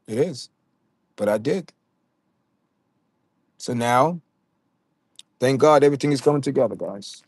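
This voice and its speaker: A man's voice: mid-range voice, lively intonation, a little slow, pauses often, darkish tone, slightly rough, no echo. A man with a Jamaican accent hosting a casual livestream, talking straight to his chat viewers and often stammering and repeating words. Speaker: livestream host.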